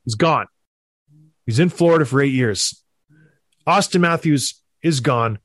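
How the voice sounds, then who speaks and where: A young adult man hosting a sports talk show, emphatic and animated, with mocking asides. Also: medium pitch, measured pace, dry recording, studio quality. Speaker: sports podcast host. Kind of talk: opinionated hockey talk.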